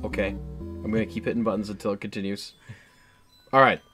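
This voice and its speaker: A man's voice: on the low side, little pitch movement, fairly quick, a bit bright, breathy edge, soft background music. A man giving casual, joking commentary while playing a video game, with mumbled reactions and laughs. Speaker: gamer, let's play host.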